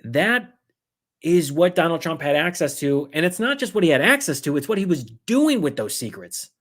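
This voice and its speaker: Guy with a high voice doing a heated sarcastic political rant on a stream. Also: very animated, fairly bright tone. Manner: fast, heated and sarcastic, acting out others in mocking voices. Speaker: political commentary host. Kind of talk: livestream political commentary.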